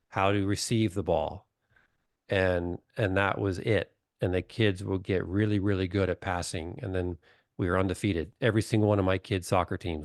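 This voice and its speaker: A middle-aged man on a video call who talks bluntly and plainly. His voice sits low and the sound is dry and close. He tells stories and acts out the voices of the people in them. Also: no room sound. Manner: blunt, storytelling, acts out quotes. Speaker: doctor, webinar guest. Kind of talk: casual chat.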